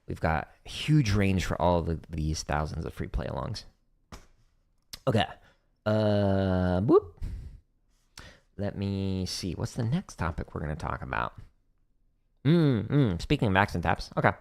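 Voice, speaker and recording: Deep-voiced guy teaching drum stuff on a stream, laid back, lots of ums. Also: lively intonation, a little slow, creaky, darkish tone. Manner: casual, demonstrating as he talks, many fillers. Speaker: drumming teacher. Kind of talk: livestream Q&A lesson. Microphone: streaming setup at home.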